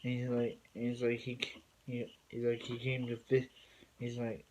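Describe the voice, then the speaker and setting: A man talks through a TV episode in a loose, rambling recap. He keeps circling back with fillers and restarts. His voice sits at an ordinary middle pitch. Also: completely flat delivery, moderate pace, a little mellow, highs cut off, slight background noise. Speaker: TV episode reviewer.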